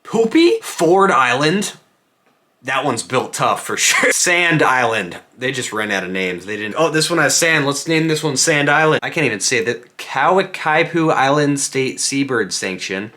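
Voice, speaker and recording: A young man vlogging alone, talking casually and animatedly, joking and ranting. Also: mid-range voice. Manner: animated, joking, quick rants. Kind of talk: casual comedic vlog monologue.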